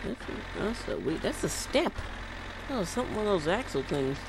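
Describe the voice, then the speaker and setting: A woman's voice: mid-range voice, very animated, moderate pace, background noise. A woman giving casual let's-play commentary, rambling and thinking aloud as she mumbles to herself. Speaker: gameplay commentator.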